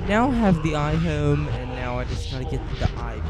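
Man, slightly higher voice, webcam rant at home, scornful and indignant. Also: big pitch swings, brisk, music in the background, low-quality recording. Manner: indignant, scornful, keeps repeating "stupid". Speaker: channel host. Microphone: small webcam.

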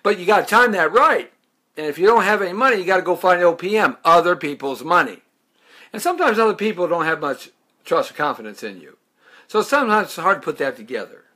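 Husky man in his fifties, bright edgy voice, animated joking radio host, hype-man delivery. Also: high-pitched. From Chicago, raised in Southern California. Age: 50s. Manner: sings snatches and laughs at own jokes. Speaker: radio show host and real estate broker. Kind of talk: live-streamed radio talk show. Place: radio studio.

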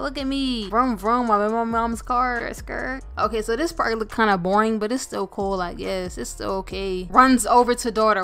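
A woman's voice: fairly high pitch, fairly bright tone, clear, resonant tone. A young woman giving playful, mock-outraged commentary over her gameplay and laughing often. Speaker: gaming YouTuber.

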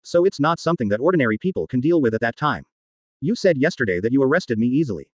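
A man reading the lines of a blunt young woman fighter in a flat machine-read fan fiction, with no change of voice for her. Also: mid-range voice, fast, no echo. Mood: plain. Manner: plain read voice, no change for the role.

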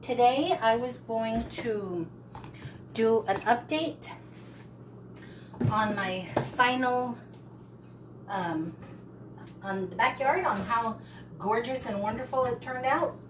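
A woman's voice: fairly high pitch, takes it slowly, pauses often, background noise. A woman vlogging casually from her backyard, talking soothingly to a cat giving birth and chatting to her viewers. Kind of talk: casual vlog talk to viewers. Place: backyard outdoors. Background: cats meowing.

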